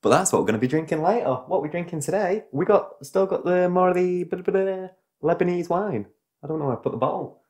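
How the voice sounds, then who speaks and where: A man's voice: high-pitched, expressive, fast talker, darkish tone. A young man with a Manchester accent co-hosting a podcast, talking in a playful, rambling, jokey way. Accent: Mancunian. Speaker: podcast co-host. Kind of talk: casual chat.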